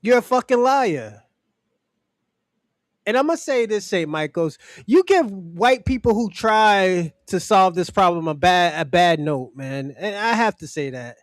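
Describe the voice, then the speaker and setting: A man holds forth on a livestream in a loose, profane, mocking rant, often breaking into laughter. His voice sits high for a man and sounds close and dry, with no room around it. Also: expressive, a little slow, dry recording. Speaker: livestream host.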